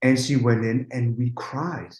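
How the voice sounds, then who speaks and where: A middle-aged man, a music producer, telling anecdotes in a lively, casual way, acting out what people said and swearing freely. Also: mid-range voice, unhurried, echoey room, rough recording. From Denmark. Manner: animated, acts out quotes, swears freely.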